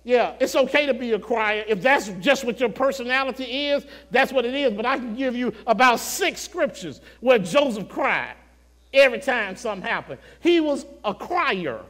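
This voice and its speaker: High-voiced preacher shouting in a reverberant hall. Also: male voice, animated. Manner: swings from soft, slow murmurs to shouted climaxes; call-and-response preaching, addresses congregation directly. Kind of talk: sermon. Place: church sanctuary.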